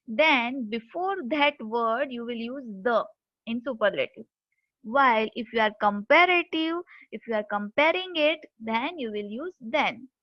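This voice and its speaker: Woman teacher, high voice, step-by-step grammar lesson, spells words letter by letter, dry lo-fi recording. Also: dry recording.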